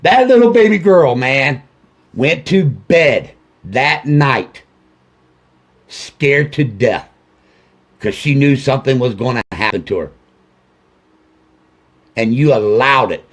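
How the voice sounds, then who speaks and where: A man's voice: medium pitch, expressive, takes it slowly, long pauses. A man, a grieving father, in an angry direct-to-camera video rant, accusing officials and swearing with heavy repetition. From Ohio.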